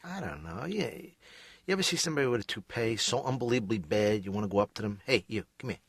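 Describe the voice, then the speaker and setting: A man's voice: lowish voice, lively intonation, quick pace, husky, no room sound. A man voicing a neurotic, needy cartoon therapy patient who rambles and complains in a self-pitying way. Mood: ranting. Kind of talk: animated sitcom voice acting.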